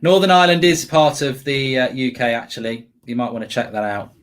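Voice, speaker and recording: An English man co-hosting a live football watchalong, talking in an animated, ranting way and swearing casually. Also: mid-range voice, fairly quick, a little hiss or hum.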